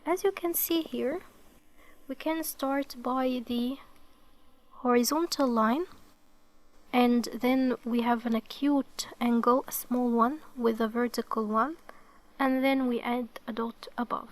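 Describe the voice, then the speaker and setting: A woman's voice: a little high, steady tone. A woman teaching the Arabic alphabet to beginners, explaining each step patiently and checking in with "okay". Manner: slow and careful.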